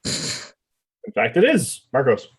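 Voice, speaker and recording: A man guides his players through a tabletop game as its game master. His voice sits at an ordinary pitch, and he narrates loosely, with plenty of "uh"s and quick confirmations. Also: slightly rough. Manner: relaxed, filler-heavy narration.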